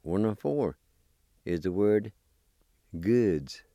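A man giving a slow language lesson, spelling and pronouncing each word and repeating it patiently. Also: fairly low pitch, animated, mellow, no echo. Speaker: language teacher.

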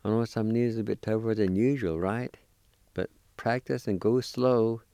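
A man's voice: on the low side, mellow, smooth, no room sound. A man teaching a language lesson, patiently spelling and pronouncing words syllable by syllable and encouraging the listener. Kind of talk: slow recorded language lesson.

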